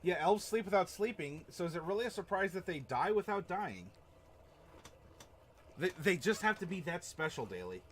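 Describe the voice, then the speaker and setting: A man's voice: high-pitched, big pitch swings, normal speed, a bit bright, a little hiss or hum. A man hosting a tabletop role-playing live stream, chatting casually and rambling with chuckles while reacting to chat. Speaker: stream host.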